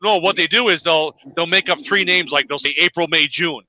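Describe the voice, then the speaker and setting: A man with a high, bright voice that swings widely in pitch, chatting on a live call. He tells his stories in an animated way, full of fillers. The sound is dry and muffled, like call audio. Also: fairly quick. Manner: animated storyteller, many fillers. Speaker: guest on a livestream call. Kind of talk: casual chat.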